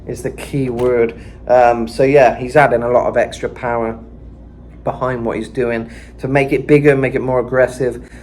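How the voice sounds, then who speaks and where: A man's voice: mid-range voice, a little hiss or hum. A man giving a casual vocal lesson, talking loosely with lots of "kinda" and "you know.". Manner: breaks into screamed metal demos. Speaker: vocal coach.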